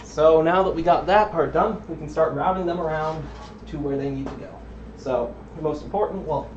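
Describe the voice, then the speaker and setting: A man's voice: fairly high pitch, moderate pace, darkish tone. A young man chatting casually as he streams a computer build at home, rambling with frequent ums and drifting off the mic. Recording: dull lo-fi stream audio with faint noise.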